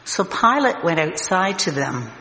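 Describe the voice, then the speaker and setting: A man reading scripture aloud as narration, slow and deliberate. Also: high-pitched, sing-song, pushed and bright. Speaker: scripture reader. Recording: echoey hall, long reverb, faint noise.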